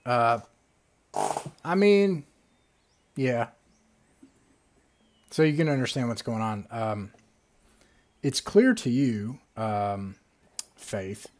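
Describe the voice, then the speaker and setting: A man narrating a tabletop game as its game master, easygoing and unhurried. His voice sits a bit low, and he fills pauses with relaxed ums and uhs. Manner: relaxed, casual, lots of fillers.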